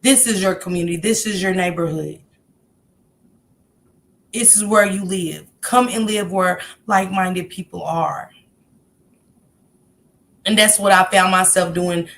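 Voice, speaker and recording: A woman's voice: lowish voice, fairly bright tone. A woman hosting a casual livestream, talking heartfelt and encouraging as she greets viewers in the chat by name. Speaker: livestream host.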